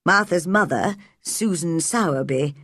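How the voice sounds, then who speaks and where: Woman doing a sad, low-voiced uncle. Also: a little slow, fairly bright tone, no room sound, studio quality. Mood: subdued. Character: sad, worried middle-aged uncle.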